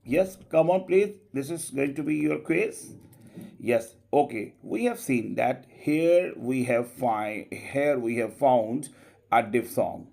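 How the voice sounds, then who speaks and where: A male teacher leads a pronunciation class, stretching out each sound and nudging students to answer and repeat after him. His pitch swings widely from word to word, and his slow delivery has a gravelly edge. He is a native Urdu speaker teaching in English. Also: lively intonation, warm tone. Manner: slow, drawn-out modeling of sounds, coaxing students with "come on, please".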